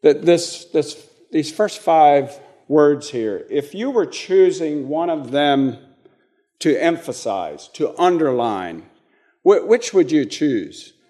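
A man preaching slowly in a mellow, warm voice. His pitch rises and falls a lot as he pauses, repeats words and puts questions to the congregation. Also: very animated. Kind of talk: interactive sermon.

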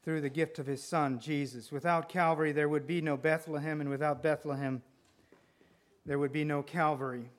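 A male preacher delivering a sermon with a deliberate, emphatic manner, often repeating phrases for effect. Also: on the high side, fairly even intonation.

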